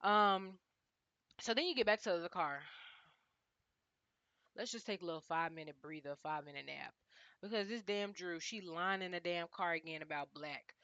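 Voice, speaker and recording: Woman recap host, blunt and profane, sharp bright tone, dull lo-fi dry recording. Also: on the low side, moderate pace, long pauses, no room sound. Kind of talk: casual TV recap rant.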